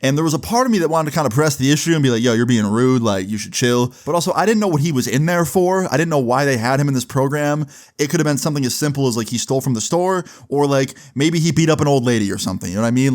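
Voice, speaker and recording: A young man casually telling a personal story for his vlog, loose and chatty with lots of filler words and swearing. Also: mid-range voice. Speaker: storyteller vlogger.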